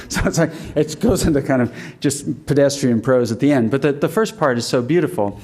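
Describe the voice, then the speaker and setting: A man giving a public talk on language and literary tradition, thoughtful and halting, with fillers and restarts, and reciting Middle English verse aloud. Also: medium pitch, a little mellow. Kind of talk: public lecture.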